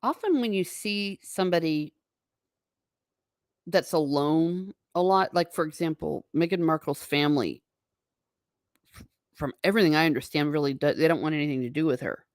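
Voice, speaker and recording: Chatting casually at a moderate pace with long pauses, a low-pitched American woman reads her livestream chat aloud and laughs frequently. The recording is dry and studio quality.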